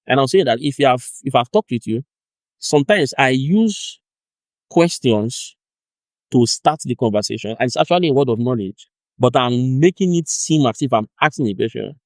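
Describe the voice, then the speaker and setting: A man's voice: mid-range voice, dry recording. A young Nigerian man giving an informal teaching on discipleship, acting out chats in pidgin. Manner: animated, acts out chats in pidgin and laughs.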